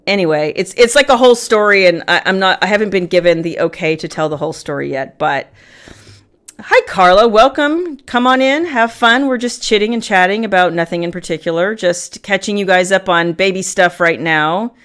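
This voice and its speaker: A middle-aged woman hosting a casual livestream from her family room, chatting warmly with viewers and greeting them by name between frequent ums. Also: medium pitch, animated, normal speed, clear, resonant tone. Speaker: livestream host.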